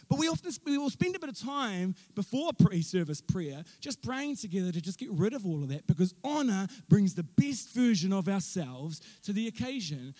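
Animated high-voiced young male preacher. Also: no echo. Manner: animated storytelling with self-mocking asides. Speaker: pastor. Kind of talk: sermon.

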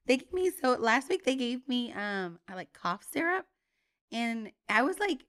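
Animated woman telling a story. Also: a little high, moderate pace. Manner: animated storytelling, lots of "like" and swearing. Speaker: podcast co-host. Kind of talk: casual chat.

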